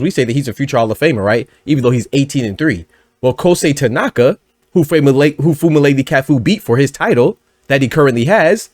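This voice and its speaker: A man hosting a boxing news channel in energetic, chatty commentary, full of asides and bursts of laughter. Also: fairly high pitch, no room sound. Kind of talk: casual commentary.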